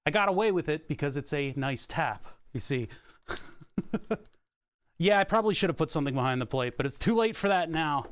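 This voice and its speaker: While working on a printer during a livestream, a man with a medium-pitched, somewhat bright voice chats in an animated way at normal speed, pausing often. He jokes, throws in sarcasm, and chuckles frequently. The headset or desk mic gives a clean tone.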